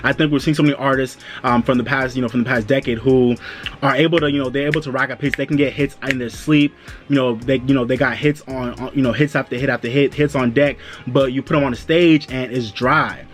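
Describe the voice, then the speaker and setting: A man giving a casual, chatty review of an awards show, loose and quick, slipping into high-pitched voices to act out reactions. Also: steady tone, faint music behind.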